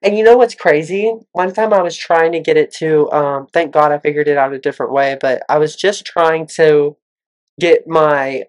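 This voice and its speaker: A woman vlogger in casual chat, telling a story animatedly, her voice climbing as she gets excited. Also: low-pitched, moderate pace.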